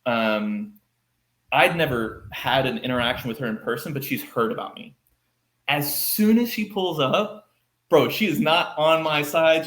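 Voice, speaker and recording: A man from Texas, a podcast guest, telling a story in a casual, animated way, acting out quoted lines with lots of fillers. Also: a little high. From Texas, United States. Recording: roomy echo.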